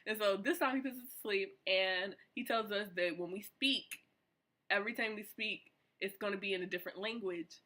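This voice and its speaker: A young woman, a college student, excitedly telling a casual storytime vlog in slangy, animated speech. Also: mid-range voice, moderate pace. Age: young adult. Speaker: vlogger.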